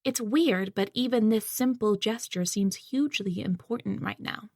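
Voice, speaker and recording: Woman, audiobook narrator, first person, measured, reflective, dry close sound. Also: mid-range voice, darkish tone, dry recording.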